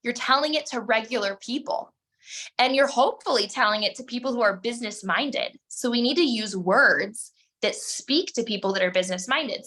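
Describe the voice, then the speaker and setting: Bright, emphatic woman coaching a team. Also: on the high side. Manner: direct, emphatic, talks straight to her listeners. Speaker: network marketing team coach. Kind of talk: motivational team call talk.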